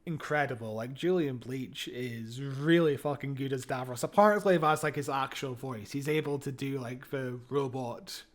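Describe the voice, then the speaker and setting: A man co-hosting a podcast, chatting in an animated, casual way, laughing often and swearing freely. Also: mid-range voice, moderate pace, hardly any pauses. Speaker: podcast co-host. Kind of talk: casual review chat.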